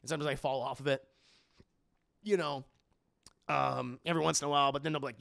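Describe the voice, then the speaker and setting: A man's voice: mid-range voice, steady tone, quick pace, gravelly, pushed and bright, dry recording, clean studio sound. A young man streaming and chatting casually with his viewers, rambling, laughing often and swearing. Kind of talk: casual chat with live chat.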